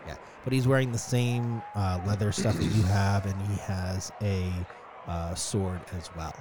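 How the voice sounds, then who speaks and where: A man's voice: low voice, steady tone, measured pace, over music. A man running a tabletop game as game master, narrating loosely with fillers. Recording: noisy background.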